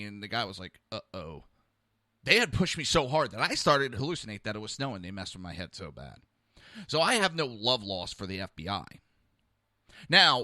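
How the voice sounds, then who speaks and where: A man's voice: mid-range voice, bright, forceful tone, dry recording, clean studio sound. A man hosting a podcast, telling a personal story in a heated, rambling, blunt way. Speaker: podcast host.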